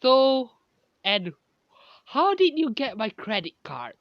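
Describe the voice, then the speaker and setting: A narrator voicing a gruff, stern hero father with a blunt, demanding manner. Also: high-pitched, huge pitch swings, takes it slowly, dry recording, dull audio, pitched above the performer's own voice, full character voice.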